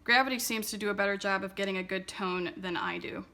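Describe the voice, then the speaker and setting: A woman teaching a music lesson, explaining a playing exercise step by step in a clear, methodical, patient way. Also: medium pitch, fairly even intonation, fast talker, pushed and bright. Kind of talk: instructional explanation.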